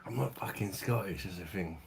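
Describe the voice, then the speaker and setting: A man's voice: deep voice, brisk, vocal fry, slight background noise. A man hosting a beer channel, chatting casually and swearing on a live stream from his phone at home, laughing often.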